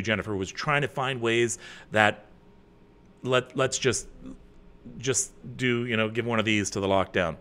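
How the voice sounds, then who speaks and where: A middle-aged man from Canada hosting a live chat, reading viewer comments with loud bursts and quiet asides. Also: lowish voice. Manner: chatty, with many fillers and restarts. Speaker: host.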